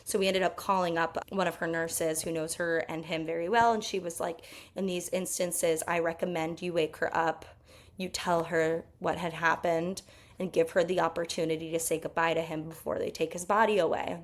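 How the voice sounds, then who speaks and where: A woman's voice: lowish voice, steady tone, moderate pace. A young woman telling a personal story in a candid, emotional way, with lots of fillers. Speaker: podcast host.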